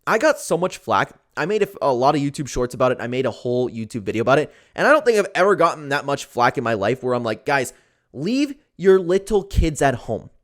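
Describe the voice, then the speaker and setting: A man's voice: mid-range voice, sing-song, quick pace, hardly any pauses, fairly bright tone. A young man giving casual, opinionated commentary on fight news, with lots of fillers like "like" and "man".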